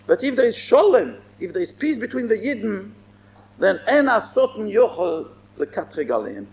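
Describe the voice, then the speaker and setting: A man's voice: high voice, very animated, normal speed, a little mellow, lo-fi sound. A man giving a Torah lecture as a rabbi, emphatic and repeating his phrases. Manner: emphatic, repeats phrases, mixes in Hebrew and Yiddish terms.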